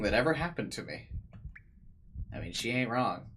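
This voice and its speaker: A man giving casual, jokey gameplay commentary, animated and laughing. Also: lowish voice, moderate pace, pauses often, slight background noise. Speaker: let's play gamer.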